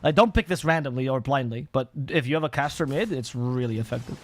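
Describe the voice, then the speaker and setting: Fast-talking opinionated male commentator. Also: medium pitch. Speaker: esports commentator. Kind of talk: casual panel chat.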